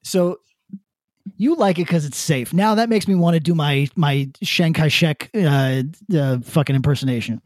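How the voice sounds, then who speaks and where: A man co-hosting a podcast, ranting bluntly with swearing and halting restarts. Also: fairly high pitch, no echo, clean studio sound. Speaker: podcast co-host. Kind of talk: casual opinion rant.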